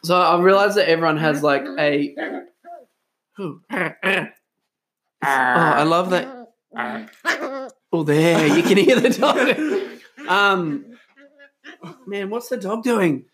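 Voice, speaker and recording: A man's voice: on the high side, slow, long pauses, a bit bright. A man hosting a church podcast, chatting casually, teasing his guest and laughing often. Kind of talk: casual chat.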